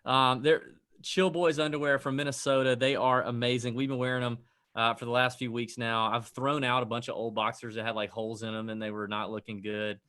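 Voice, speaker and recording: A man's voice: mid-range voice, level tone, a little fast, a bit bright, clear, resonant tone. A man in his thirties co-hosting a golf podcast, joking around and reading a sponsor spot loosely. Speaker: co-host. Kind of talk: casual golf podcast chat.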